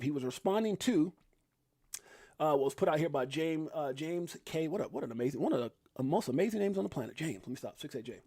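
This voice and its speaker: A man hosting a hyped livestream with a Chicago accent, talking fast and excitably and shouting out his viewers. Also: fairly high pitch, no echo, studio quality. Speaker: livestream host. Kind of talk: hyped casual livestream chat.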